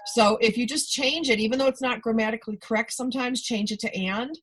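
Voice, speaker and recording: A woman host of a talk radio show with a slightly husky voice. She speaks in an upbeat, affirming way, guiding the conversation toward practical advice. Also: on the high side, steady tone, fast, fairly bright tone, rough recording. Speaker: podcast host.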